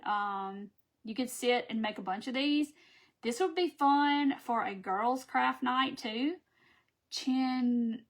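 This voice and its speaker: A chatty woman with a drawl talks viewers through a craft project live, her voice sitting a little high. She chats along as she works and laughs at her own fumbles. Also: measured pace, fairly bright tone. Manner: chatty, laughing at herself, talking to viewers while working. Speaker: craft host. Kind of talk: live craft stream chat.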